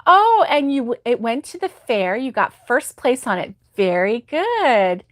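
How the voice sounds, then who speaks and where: Slow-talking chatty woman crochet host. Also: fairly high pitch, sing-song, a bit bright, no echo, clean studio sound. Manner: chatty, sympathetic, laughs often. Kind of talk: casual live chat reading viewer comments.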